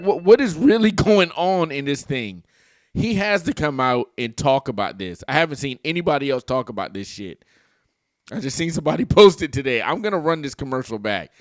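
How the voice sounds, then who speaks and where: A man doing casual reaction commentary for his channel. He sounds animated and laughs often while talking back at the clip. His voice sits a little high and sounds close and dry. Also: dry recording.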